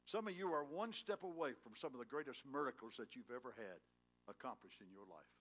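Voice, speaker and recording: Man preaching a sermon, loud then hushed. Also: medium pitch, expressive, quick pace. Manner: swings between loud emphatic lines and hushed tender ones; prods the congregation with questions. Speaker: pastor. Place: church sanctuary.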